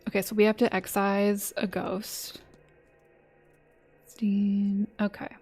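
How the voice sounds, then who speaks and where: A woman's voice: mid-range voice, level tone, takes it slowly, a little mellow, breathy edge, faint music behind. A woman streaming a game, reading its dialogue aloud between chatty asides. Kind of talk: live-streamed gameplay commentary.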